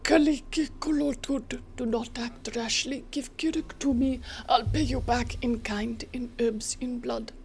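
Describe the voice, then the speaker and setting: Woman voicing a steppe herb-woman, solemn, half-whispered, slightly gravelly, a bit high. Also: moderate pace, a little mellow, a little hiss or hum. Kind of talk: reading game dialogue aloud.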